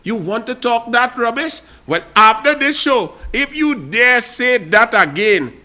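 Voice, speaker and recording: A man's voice: very high voice, expressive, measured pace, pushed and bright. A man with a Trinidadian accent hosting a political talk show, delivering a fiery, mocking commentary monologue straight to his listeners.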